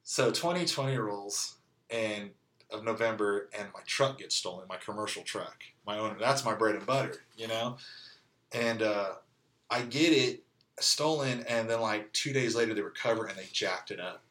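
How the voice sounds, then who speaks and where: A man's voice: lowish voice, normal speed, fairly bright tone. A man from California telling his story as an interview guest, candid and conversational, peppered with "like" and "you know.". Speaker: interview guest sharing testimony. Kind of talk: casual storytelling.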